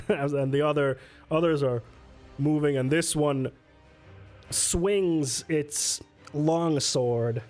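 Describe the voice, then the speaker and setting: A man's voice: on the high side, drawn-out words, long pauses, a little mellow, soft background music. A man casually playing through a solo tabletop game on stream, reading rules aloud, answering chat and laughing often. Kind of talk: casual livestream play-through.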